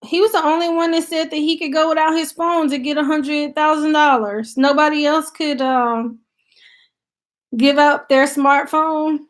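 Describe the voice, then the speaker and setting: High-voiced woman with a country accent. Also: fairly even intonation, moderate pace. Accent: American country. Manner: chatty and loose, thinks aloud with many fillers. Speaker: YouTube channel host. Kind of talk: casual live-stream chat, reading viewer comments aloud.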